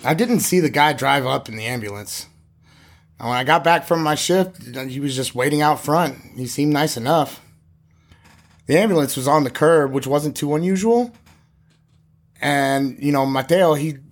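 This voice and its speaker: An actor playing a young male aspiring chef who witnessed a crime, speaking in a halting, casual way with many fillers. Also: medium pitch, close to an everyday voice. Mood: rattled. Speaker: eyewitness.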